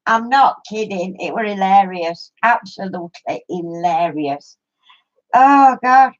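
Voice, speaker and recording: A woman's voice: medium pitch, animated, slow pace. An older woman with a Yorkshire accent, a craft vlogger chatting to viewers and telling a story with lots of laughter. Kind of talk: casual chat to viewers. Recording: muffled lo-fi recording.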